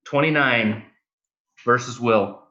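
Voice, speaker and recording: A man's voice: mid-range voice, takes it slowly, background noise. A man playing a tabletop game, chatty and a little theatrical as he calls out his moves. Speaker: player. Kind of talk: tabletop game play over voice chat. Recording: dull lo-fi mic.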